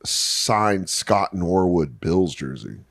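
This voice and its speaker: A man's voice: low voice, lively intonation, creaky, fairly bright tone, no room sound, studio quality. Rowdy man telling podcast stories. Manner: rowdy, profane storytelling with quick laughs. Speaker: podcast co-host. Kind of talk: casual chat.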